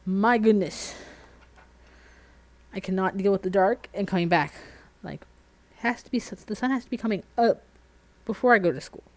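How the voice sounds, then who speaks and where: A woman in her thirties chatting casually on a livestream while doing nails, rambling through animated everyday stories. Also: mid-range voice, poor audio. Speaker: streamer.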